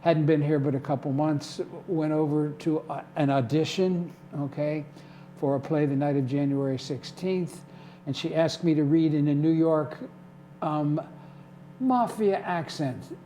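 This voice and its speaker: A man's voice: fairly high pitch, unhurried, mellow, a little hiss or hum. Older man telling chatty stories. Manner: chatty, tags remarks with "okay?". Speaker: guest, community theater volunteer. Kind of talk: casual storytelling. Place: television studio.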